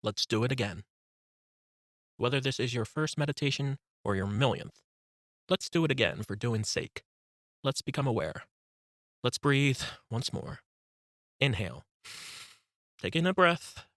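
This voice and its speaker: Male audiobook narrator, meditation guide, calm and instructive, bright voice, dry booth. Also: mid-range voice, dry recording. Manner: calm, instructive, slow cues.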